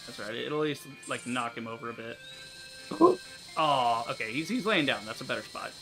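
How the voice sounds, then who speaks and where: A man's voice: medium pitch, fast, pushed and bright, soft background music. A young man giving casual, rambling commentary over a game he is playing, talking on with many fillers and restarts. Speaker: gaming YouTuber.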